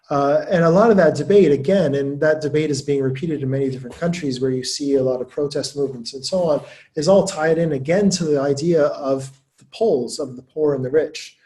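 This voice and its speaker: A male scholar speaking in a webinar at a middling pitch. He talks fast and thinks aloud, restarting his sentences and repeating words as he builds his argument. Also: mellow. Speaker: guest speaker, academic. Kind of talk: webinar talk.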